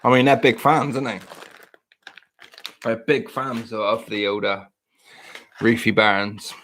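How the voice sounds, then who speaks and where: A man's voice: lowish voice, level tone, a little slow, fairly bright tone, a little hiss or hum. A man with a West Country English accent, chatting casually as a host, joking and laughing often. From South West England. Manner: jokey, laughs often, swears. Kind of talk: casual banter.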